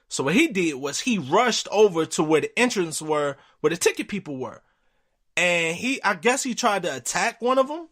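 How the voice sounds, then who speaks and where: A man hosting a podcast, telling a story in a casual, animated way and acting out the people he quotes. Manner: animated, acts out quotes with jumps in pitch, swears freely. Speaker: podcast host.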